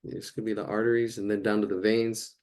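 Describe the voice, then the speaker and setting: A man's voice: on the low side, level tone, fairly quick, a little mellow. A man teaching a casual live drawing lesson, chatting and thinking aloud as he sketches.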